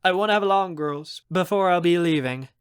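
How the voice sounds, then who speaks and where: A man's voice: sits high, normal speed, smooth, pitched above the performer's own voice, close to an everyday voice. A man reading an audiobook, voicing a charming male hotel manager in his fifties who talks with genial, teasing assurance. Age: 50s.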